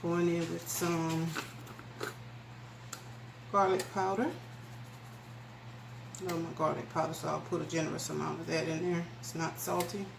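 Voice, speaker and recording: Lady doing a cooking video alone in her little kitchen, lowish voice, kinda roomy and noisy. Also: little pitch movement, measured pace, creaky, pauses often. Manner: chatty, folksy, addresses viewers as y'all. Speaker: cooking channel host. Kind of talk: casual cooking demonstration. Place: small home kitchen. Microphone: camera mic, filming alone. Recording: echoey kitchen with background noise.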